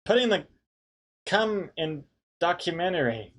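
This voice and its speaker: A man's voice: high voice, big pitch swings, measured pace, a bit bright, slight background noise. A man hosting a casual live stream, reading out viewer pun suggestions in a jokey way and laughing often. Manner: jokey, reads names aloud, laughs often.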